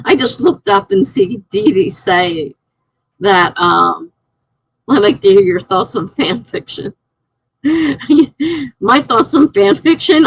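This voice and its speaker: A middle-aged woman talks casually on her live stream, rambling from one story to the next. Her voice has a gravelly edge, and the sound is dry and close with no room around it. She grows animated when something offends her. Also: mid-range voice, no echo, low-quality recording. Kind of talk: casual live-stream chat reading comments.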